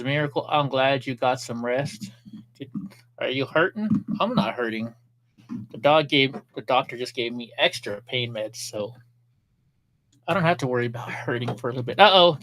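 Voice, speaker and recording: A man's voice: medium pitch, normal speed, fairly bright tone, slight background noise. A man hosting a casual political news livestream, talking sarcastically, laughing at clips and chatting with viewers. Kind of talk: casual commentary.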